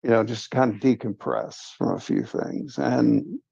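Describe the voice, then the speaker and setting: A man's voice: mid-range voice, wildly swooping pitch, measured pace, creaky, darkish tone, slightly rough, no echo. A man hosting a livestream, earnestly recounting a personal experience in a casual, confiding way. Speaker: livestream host. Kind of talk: casual first-person storytelling. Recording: dull lo-fi stream audio.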